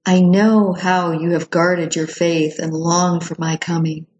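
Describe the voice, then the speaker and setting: Woman reading a loving male divine voice, tender and reassuring, slightly low, unhurried devotional delivery. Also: little pitch movement, darkish tone, echoey room, highs cut off, natural voice.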